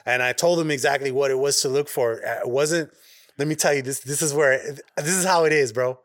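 A man's voice: mid-range voice, steady tone, a little fast, fairly bright tone. A man from Arizona co-hosting a podcast, telling a long profane story with a lot of animation. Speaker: podcast co-host. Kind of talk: casual chat.

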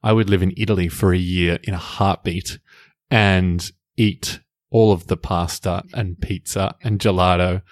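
A man with a lowish voice co-hosts a podcast in easy, casual chat. He jokes and teases his co-host and laughs often. The sound is dry and close, with no room echo. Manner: jokey, laughs often, playful teasing.

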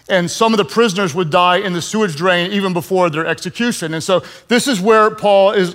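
Brief: middle-aged male pastor, high voice, sermon delivery, emphatic call-and-response, shouts at the peaks.

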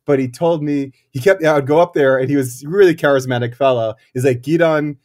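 A man who makes cider, talking in a casual interview in a thoughtful, halting way with many fillers and restarts. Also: medium pitch, darkish tone. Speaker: cider maker.

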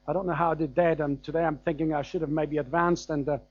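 This sermon comes from a preacher with a German accent who speaks fast and in a steady tone, his voice a touch high for a man. He tells anecdotes casually, peppering them with fillers and chuckles. The recording is dry and dull, with a muffled top end and no room sound.

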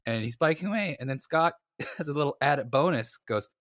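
A podcast co-host with a slightly high voice talks briskly, chatting casually as he relates a story. Animated and self-mocking, he acts out the voices of those involved. The studio sound is clean, with no echo.

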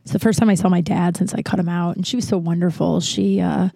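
With a fairly low, gravelly, warm voice, a woman podcast host tells a personal story at a quick, steady pace. Her candid monologue rambles confessionally, full of wry, self-mocking asides, and there is no room sound.

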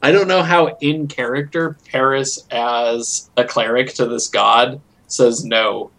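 A man's voice: mid-range voice, slow, fairly bright tone, poor audio. A man playing a tabletop game, speaking in a thoughtful, agreeable way. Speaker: player. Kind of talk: casual tabletop play.

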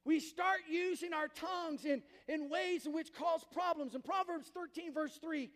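Male pastor, high-pitched, emphatic call-and-response sermon, reverberant church hall. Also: normal speed, fairly bright tone. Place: church sanctuary.

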